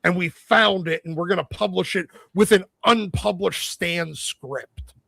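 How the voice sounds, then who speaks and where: Sarcastic panel guy, slightly high voice, dead dry sound. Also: measured pace, gravelly, a bit bright, no room sound. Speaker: podcast panelist. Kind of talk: casual chat.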